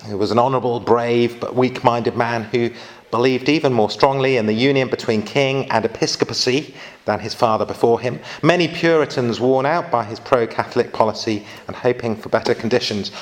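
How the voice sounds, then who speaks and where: Brief: male lecturer, mid-pitched, informal history talk full of asides to his audience. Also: moderate pace. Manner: chatty asides and rhetorical questions to listeners.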